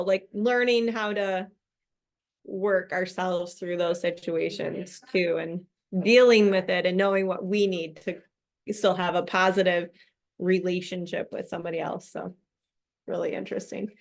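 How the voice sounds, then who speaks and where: Woman book club host, lively and laugh-prone, acts out the voices she quotes, middle pitch, video call. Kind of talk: casual group chat.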